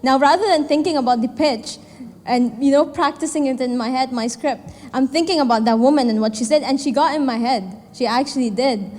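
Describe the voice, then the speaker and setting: A young woman in her twenties gives a candid, rambling talk to an audience, full of fillers and acted-out conversations. Her voice sits a little high. The sound rings with the long reverb of a large hall. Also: brisk, darkish tone. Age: 20s. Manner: candid, chatty, many fillers, acts out quoted dialogue. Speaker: startup founder and event speaker. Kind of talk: personal story speech to an audience. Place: event hall.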